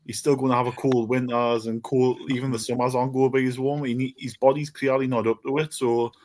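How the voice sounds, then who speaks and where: A man with a medium-pitched voice talks casually on a fan podcast. He is relaxed and matey and fills his speech with "you know". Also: fast. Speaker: panel guest.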